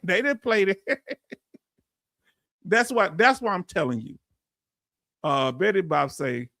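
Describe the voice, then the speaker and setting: A man with a Texan accent hosting a live stream, emphatic and animated, reading out chat comments and laughing often. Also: sits high, no echo, studio quality. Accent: Texan English. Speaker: veteran live-stream host.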